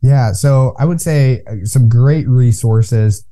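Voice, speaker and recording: A man being interviewed as a guest, explaining his routine in a calm, instructive way. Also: medium pitch, takes it slowly. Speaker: guest, cold plunge business owner. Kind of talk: conversational interview.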